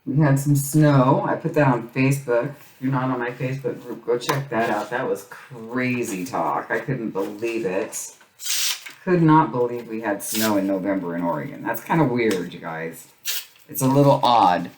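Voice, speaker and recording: A woman's voice: a bass voice, normal speed. Chatty middle-aged woman, roomy and distant. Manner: chatty, rambling, repeats phrases. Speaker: crafting channel host. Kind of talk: casual chat while crafting. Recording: roomy, set back from mic, faint noise.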